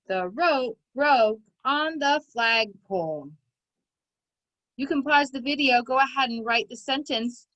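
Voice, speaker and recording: A woman's voice: high voice, fairly bright tone, no echo. A woman teaching phonics, patiently dictating words and stretching out their sounds for young children. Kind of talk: slow, clear teaching dictation.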